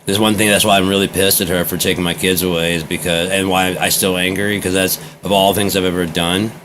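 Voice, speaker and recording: Brief: deep-voiced male vlogger, meandering journal-style talk, faint hiss behind. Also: level tone, brisk, a bit bright. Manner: meandering, repeats himself, loose and candid. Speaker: vlogger keeping a spoken journal. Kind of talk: rambling personal monologue.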